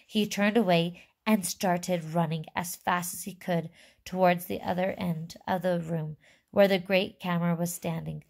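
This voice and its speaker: A woman teacher reading a chapter book aloud to her fourth-grade class, expressive and asking them questions. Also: fairly low pitch, normal speed, gravelly.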